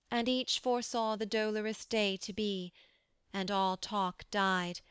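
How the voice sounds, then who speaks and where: A woman reads a verse poem for an audiobook with measured, solemn storytelling. Her voice is smooth and resonant, her pace slow, and the recording is dry and close. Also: medium pitch, fairly bright tone, no echo. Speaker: audiobook narrator. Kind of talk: scripted narration of a verse poem.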